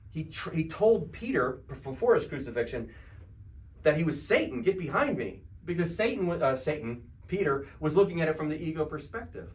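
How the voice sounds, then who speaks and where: A man delivers a spiritual self-help lecture with a lively, swooping delivery, his voice sitting slightly high for a man. He talks casually and keeps firing rhetorical questions at the listeners. The sound is distant, as if the mic were across the room. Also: fairly quick. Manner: conversational, asks the audience rhetorical questions. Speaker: counselor giving a lecture.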